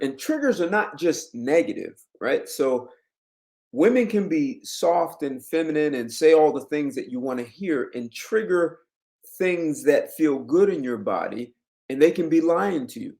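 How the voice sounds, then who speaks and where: A man giving relationship advice to camera in an emphatic, lecturing way, jumping up in pitch on key words. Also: gravelly, a little mellow. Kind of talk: direct-to-camera commentary.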